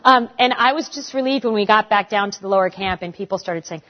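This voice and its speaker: A woman in her forties answering audience questions in a casual, animated way, acting out the voices of people she quotes. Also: mid-range voice, quick pace. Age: 40s. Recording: dull lo-fi recording.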